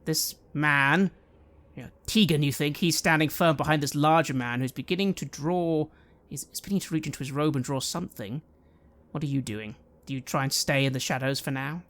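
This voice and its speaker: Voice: medium pitch, a little fast. A game master narrating scenes and calling for dice rolls in a tabletop game. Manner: lively descriptive narration.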